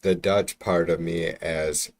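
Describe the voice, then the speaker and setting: Male streamer, lowish voice, loose profane rambling chat, mic at arm's length. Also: fairly even intonation, takes it slowly, a little mellow. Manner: rambling, profane, chatting to viewers. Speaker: livestreamer. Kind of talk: casual livestream chat. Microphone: mic about an arm's length away.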